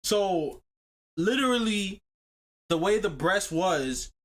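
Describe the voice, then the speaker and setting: A man on a casual podcast tells a food story, full of slang and swearing. His voice runs a little high and jumps around a lot as he gets into it. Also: slow. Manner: animated storytelling, slangy and profane. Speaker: podcast co-host. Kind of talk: casual chat.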